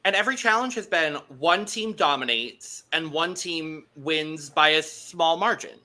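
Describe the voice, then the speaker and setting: A man co-hosting a casual podcast recap, with a bright, forceful tone and a slightly high pitch. He jumps in with quick, emphatic remarks. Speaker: podcast co-host.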